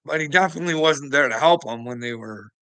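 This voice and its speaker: Gravelly man ranting. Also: fairly high pitch, fast talker, sharp tone, no room sound, rough recording. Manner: profane, combative, scornful, laughs often. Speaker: vlogger. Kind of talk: ranting commentary.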